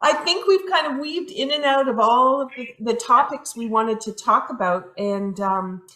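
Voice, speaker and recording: A woman hosting an interview podcast, wrapping up in a relaxed, friendly way. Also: fairly high pitch, moderate pace. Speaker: podcast host. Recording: echoey room.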